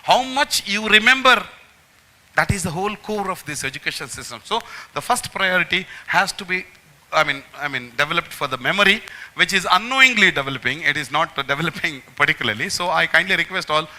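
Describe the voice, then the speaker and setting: Bright-voiced man lecturing students. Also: a little high, animated, fairly quick, rough recording. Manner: emphatic, repeats phrases, addresses the audience directly. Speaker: magician giving a memory talk to students.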